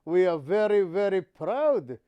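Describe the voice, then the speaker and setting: A high, sing-song voice from a man doing a cheeky mock-Scottish guest of Pakistani roots in a TV comedy sketch. The put-on Scottish accent sits over Indian English. He drawls his words slowly, and his pitch swoops widely. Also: sing-song, warm tone, smooth, muffled recording. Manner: drawling, uses "laddie" and "wee". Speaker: comic guest.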